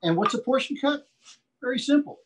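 With a very high-pitched, lively and fairly quick voice, a man teaches butchery live, repeating himself folksily, hammering key points and asking "okay?" again and again. The audio is poor.

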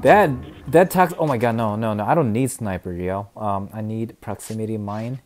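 A young man streaming a video game, chatting casually and excitably, often laughing and mumbling then cheering loudly. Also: fairly low pitch, moderate pace, faint music behind. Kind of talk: casual live gameplay commentary.

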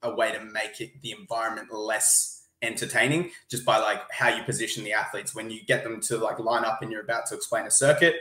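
A man's voice: on the low side, level tone, a little fast, few pauses, bright, forceful tone, echoey room, low-quality recording. An Australian man, a gymnastics coach, answering interview questions in a friendly, easygoing way. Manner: friendly, easygoing, self-correcting restarts. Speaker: gymnastics coach, podcast guest.

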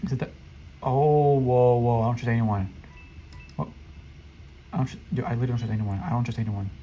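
A young man giving excitable commentary over his own gameplay as a channel host, often jumping into squeaky teasing voices. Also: racing, lo-fi sound, soft background music.

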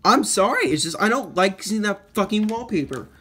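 A man giving casual commentary while demoing phone hacks, rambling and profane, quick to blow up into shouting. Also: high voice, animated. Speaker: iPhone jailbreak tinkerer. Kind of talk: casual screen demo commentary.

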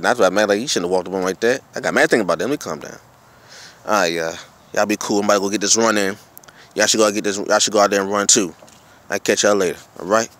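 A man casually telling a story to his viewers, getting animated and repeating himself as he speaks. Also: on the low side. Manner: relaxed, informal slang. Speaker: vlogger.

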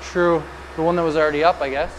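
A man with a slightly raised pitch helps run a server setup, backing up his partner with quick, relaxed agreements and ready laughs. A faint hum of room noise sits behind him. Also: low-quality recording. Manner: easygoing, quick short agreements, laughs often. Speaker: co-presenter engineer. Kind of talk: casual tech demo banter. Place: server lab.

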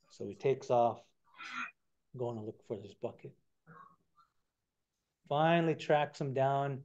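A man retelling a traditional story during a lecture, relaxed and conversational, acting out the characters. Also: mid-range voice, slow pace, pauses often, lo-fi sound. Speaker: guest speaker.

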